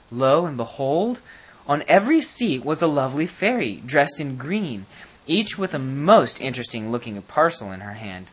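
A narrator reading a fairy tale aloud in an expressive, animated way. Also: mid-range voice, slightly rough.

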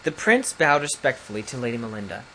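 A man's voice: mid-range voice, quick pace, slight background noise, poor audio. Man reading a fairy tale aloud. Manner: even reading with occasional slips and restarts. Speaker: audiobook reader. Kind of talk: storybook narration.

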